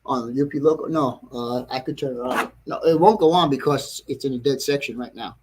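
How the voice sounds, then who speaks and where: A man hosting a casual livestream about his model railroad, rambling and correcting himself, clearing his throat often, frustrated with a problem. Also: mid-range voice, fairly quick, darkish tone. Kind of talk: casual livestream chat to viewers. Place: train layout room at home.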